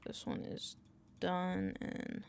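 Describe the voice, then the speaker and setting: A woman's voice: slow, a little hiss or hum. An American woman streaming and chatting playfully with viewers while she works. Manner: playful, reacting to chat with loud outbursts and laughs. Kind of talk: casual chat with viewers while working. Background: keyboard typing and clicking.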